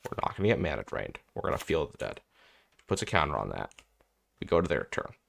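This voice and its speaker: A man's voice: a bass voice, sing-song, fast talker, vocal fry, fairly bright tone. A young man commenting on his own card game match as he plays, thinking aloud, swearing and getting exasperated. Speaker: content creator playing a card game. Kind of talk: gameplay commentary.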